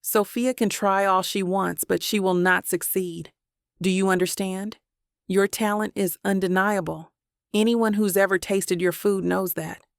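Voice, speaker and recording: A steady, wealthy young man speaks low and firm in a romance audiobook, as a woman narrator puts him on. His voice carries a gravelly edge and sits dry and close. He is measured and reassuring. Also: no room sound.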